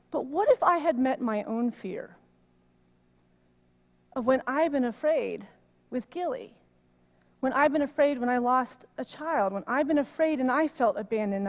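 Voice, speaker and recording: Long echoes from the church hall trail behind a middle-aged woman minister as she gives a chatty, story-driven sermon in the sanctuary. Her fairly high, lively voice turns loud and animated as the tale builds.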